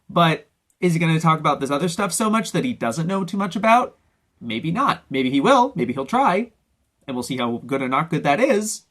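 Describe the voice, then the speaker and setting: A man's voice: fairly high pitch, a bit bright. A man giving unscripted, ranting commentary on anime videos, swearing often and mocking others in put-on quotes. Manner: ranting, profane, mocking impressions.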